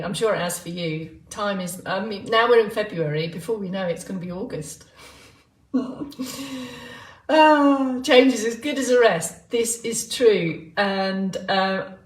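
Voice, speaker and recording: A woman instructor leading a live online movement class in a chatty, rambling, jokey way, greeting viewers by name. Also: mid-range voice. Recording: roomy sound from a distant mic.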